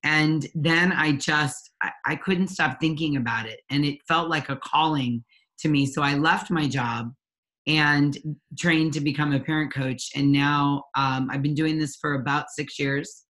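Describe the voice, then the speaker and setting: A woman's voice: low voice, fairly even intonation, unhurried, a bit bright. A woman in her forties, a parent coach, telling her personal story in an interview, earnest and candid with frequent ums and restarts. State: near tears at times.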